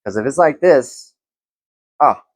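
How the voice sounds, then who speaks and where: A young man reviewing fragrances in a casual vlog, relaxed and rambling with lots of fillers. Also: medium pitch, slow pace, no echo.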